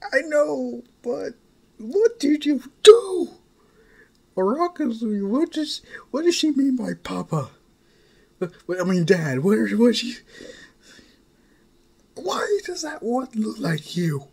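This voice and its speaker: Man putting on a shrill, stammering mother. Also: big pitch swings, darkish tone, slightly rough, exaggerated voice. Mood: shrill, demanding. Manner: stammering, rapid-fire questions.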